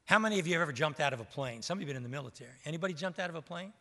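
High, bright-voiced preacher man in a reverberant hall. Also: lively intonation, racing. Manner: preaching with rising emphasis and rhetorical questions. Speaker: pastor. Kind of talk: sermon.

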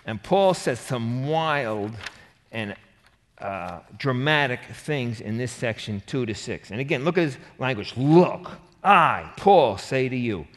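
A man preaching a sermon, animated and emphatic, rising to forceful bursts. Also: medium pitch, measured pace. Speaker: pastor. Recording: reverberant hall.

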